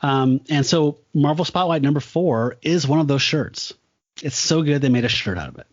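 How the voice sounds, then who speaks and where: A man's voice: on the high side, lively intonation, normal speed, no echo, dull audio. A man co-hosting a podcast, chatting casually about comic books, rambling with frequent ums and chuckles. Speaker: podcast co-host. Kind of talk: casual comic book chat.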